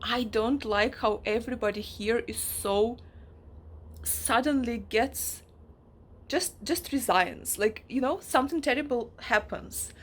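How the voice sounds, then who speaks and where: A woman chatting casually in a reading vlog, emotional and animated as she talks about a book. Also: a little high, measured pace, a little hiss or hum. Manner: emotional, animated, acts out characters in quoted asides. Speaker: book vlogger.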